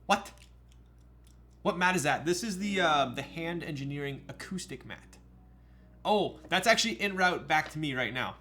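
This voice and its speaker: A man's voice: on the high side, expressive, normal speed, pushed and bright. A young man casually chatting on a live stream while building a keyboard, joking around and reading viewer messages aloud. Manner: joking, reads chat aloud, teasing.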